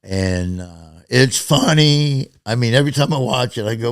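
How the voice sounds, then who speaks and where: A man spins a yarn in loose, animated talk and drops swear words freely. His voice sits at a middle pitch and sounds dry and close to the mic, with no room around it. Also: moderate pace, hardly any pauses, no echo. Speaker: TV show host telling a story as a guest. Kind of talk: casual storytelling chat.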